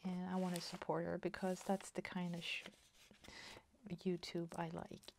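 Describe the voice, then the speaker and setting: A woman who grew up in Sweden, a native Swedish speaker, chatting slowly and softly in English while she opens a parcel for her crafting vlog. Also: fairly low pitch, monotone, creaky, a little hiss or hum. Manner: slow, soft-spoken, delighted. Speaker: crafting vlogger. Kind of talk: casual chat, opening a parcel.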